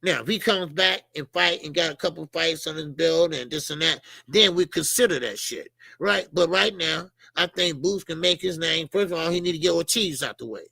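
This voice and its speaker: Gravelly, high-voiced, blunt male streamer. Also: moderate pace, hardly any pauses, pushed and bright, dry recording. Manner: blunt, profane, rambling, talks to viewers in chat. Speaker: boxing channel host. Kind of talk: casual live-stream commentary.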